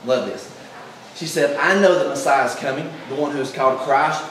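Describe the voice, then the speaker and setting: A man preaching a sermon as pastor, exuberant and emphatic, often building up to shouts. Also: mid-range voice, fairly quick, a little hiss or hum. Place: large echoey church hall. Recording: very echoey hall, voice from far off.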